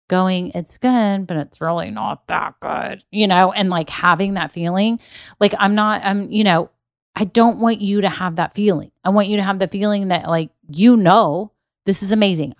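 A woman's voice: mid-range voice, no echo, studio quality. A woman, talking casually and enthusiastically as a business coach, with many fillers. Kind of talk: casual motivational talk.

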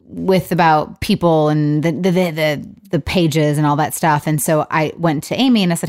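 A woman's voice: low voice, normal speed, a little mellow. A woman co-hosting a podcast, telling a personal story in a candid, rambling way. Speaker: podcast co-host. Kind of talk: casual chat.

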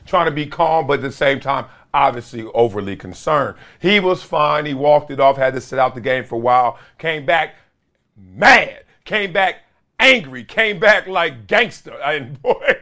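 A middle-aged man hosting a sports talk show, telling stories in a casual, animated, slangy way. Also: a little high. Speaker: podcast host.

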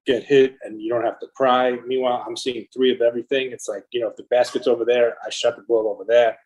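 Husky-voiced man telling profane stories. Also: mid-range voice, fast, poor audio. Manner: profane, animated anecdotes. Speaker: record label founder. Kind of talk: casual storytelling interview.

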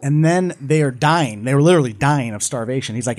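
Animated man retelling a story. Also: medium pitch, a little fast. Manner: animated storyteller, many restarts and fillers. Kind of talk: casual discussion, retelling a story.

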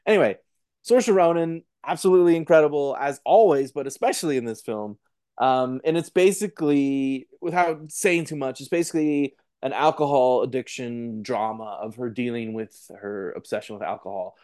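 Man, mid-pitched voice, podcast guest, animated, quick, casual film chat. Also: clean tone. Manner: animated, quick, acts out what others say.

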